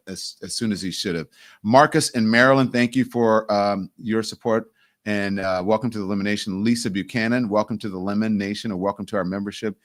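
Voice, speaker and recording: A man hosting a casual live stream who chats loosely and greets viewers one by one by name. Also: lowish voice. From United States. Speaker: host.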